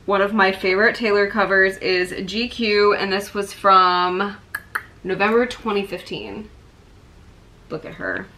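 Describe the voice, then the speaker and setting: A young woman in a casual vlog, chatting excitedly and emotionally about her collection. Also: medium pitch, a little slow, a little hiss or hum. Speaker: vlogger showing a merch collection. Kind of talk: casual chat.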